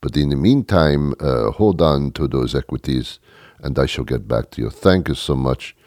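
A man voicing a phony Frenchman at a hotel bar, talking in a hushed, slow, suave fake French accent. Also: very deep voice, no room sound, studio quality, pitched below the performer's own voice. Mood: self-important.

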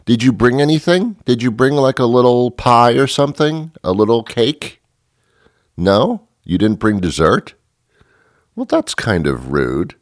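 A man's voice: mid-range voice, lively intonation, unhurried, no echo, studio quality. A middle-aged man hosting his own show, drifting through a comic monologue full of mock outrage and chuckles. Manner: mock-indignant, chuckling, meandering. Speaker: podcast host.

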